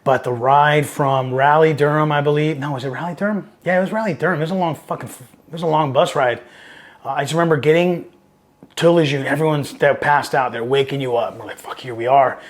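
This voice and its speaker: A man's voice: on the high side, fairly quick. A middle-aged man from Southern California, a Marine veteran telling war-era stories in a casual, profane, rambling way, livening up when he quotes others. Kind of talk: casual storytelling interview.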